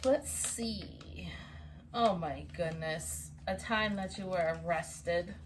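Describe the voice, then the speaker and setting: A woman co-hosting a casual storytime chat, animated, laughing often and restarting her sentences. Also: lowish voice, slow, slight background noise, rough recording. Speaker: co-host telling a story.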